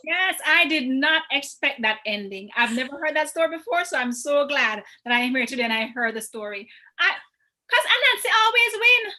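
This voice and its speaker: A woman guest who chats casually in a high, bright voice with lively pitch. She sounds openly surprised as she talks. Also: moderate pace. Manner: surprised, chatty. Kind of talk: casual chat.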